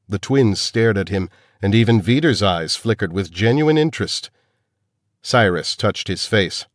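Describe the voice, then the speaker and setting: A man with a fairly low pitch narrates an audiobook from a script, using a measured, even storytelling manner. The recording is dry and of studio quality.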